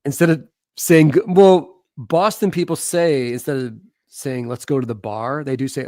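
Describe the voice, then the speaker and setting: A man's voice: medium pitch, steady tone, moderate pace, mellow, no echo. A man who is a comic artist, hosting a casual, enthusiastic chat about comics, full of slang and casual swearing.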